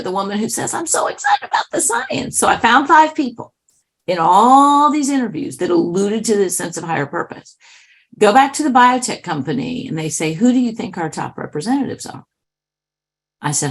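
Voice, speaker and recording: Husky-voiced woman telling a lively story. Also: on the low side. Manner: lively, animated storyteller with asides. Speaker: author and keynote speaker. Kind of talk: storytelling in a conversational interview.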